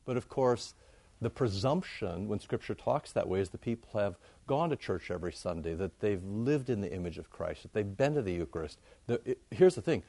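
A man giving an informal, conversational sermon to his congregation, jumping up high in pitch to make a point. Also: dry recording. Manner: conversational, animated, rises high for emphasis. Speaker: pastor.

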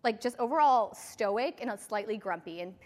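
A woman's voice: a little high, lively intonation, normal speed. Chatty woman in a reverberant hall. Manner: chatty, filler-heavy storytelling. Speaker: team leader speaking to her sales team. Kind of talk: motivational talk to a group.

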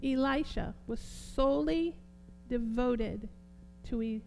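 Woman preacher, high voice, fervent sermon, repetitive emphatic phrasing. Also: slow pace, gravelly, a little hiss or hum. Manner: fervent, repeats phrases, shifts between soft and emphatic.

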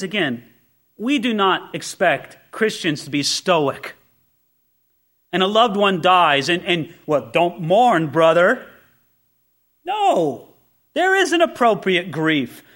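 Male preacher, high bright voice, impassioned sermon delivery. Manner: impassioned, swings between loud exclamation and quiet intensity. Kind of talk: expository sermon.

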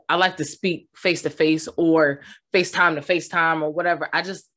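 Chatty low-voiced woman podcast host. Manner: chatty, self-interrupting, upbeat. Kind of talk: casual podcast interview.

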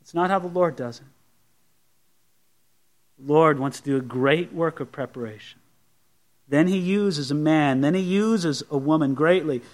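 A man's voice: a little high, a little slow, pauses often, a little mellow. A man preaching a sermon, teaching through a Bible passage verse by verse with conversational asides to the congregation. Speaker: pastor.

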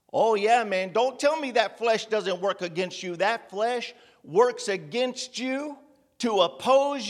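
Male preacher, high and lively delivery, unhurried, long reverb of the meeting hall. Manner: animated, rhetorical questions, calls on listeners by name. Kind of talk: sermon. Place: meeting room with congregation.

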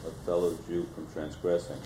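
Male reader, very low and dark, formal reading, echoey room. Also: level tone, a little fast, noisy background. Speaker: reader of a religious text.

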